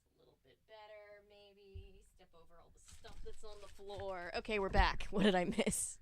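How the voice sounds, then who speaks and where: A woman's voice: mid-range voice, fairly even intonation, normal speed, a little hiss or hum. A young woman hosting a casual livestream, chatting and greeting viewers by name. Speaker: livestream host.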